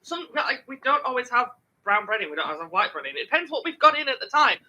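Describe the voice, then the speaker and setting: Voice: medium pitch, big pitch swings, quick pace, bright, forceful tone, highs cut off. A podcast co-host telling a work story in casual, sweary chat and mimicking customers.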